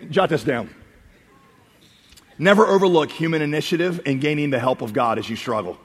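A male pastor preaching in a church sanctuary with a long hall reverb around his voice. His voice sits high for a man, and his delivery is animated. He climbs to loud calls and then drops to hushed asides. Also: normal speed, breathy edge. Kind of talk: sermon.

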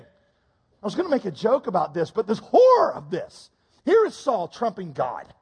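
A man preaching a sermon, reading scripture and adding quick comic asides. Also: high voice, big pitch swings, breathy edge, big-room sound. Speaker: pastor.

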